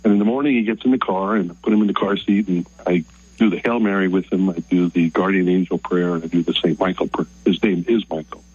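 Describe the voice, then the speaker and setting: An older man from Maryland, calling in to a radio show and telling a story in an earnest, emotional, halting way. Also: low-pitched, steady tone, a little mellow, slightly rough, no echo. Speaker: caller. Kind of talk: phoned-in call to a radio show. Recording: dull lo-fi phone line.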